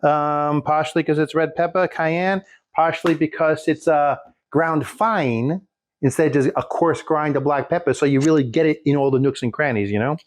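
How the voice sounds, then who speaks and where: A man's voice: on the high side, moderate pace. A man casually showing a recipe in his home kitchen, rambling with folksy jokes and asides. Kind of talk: casual cooking demonstration.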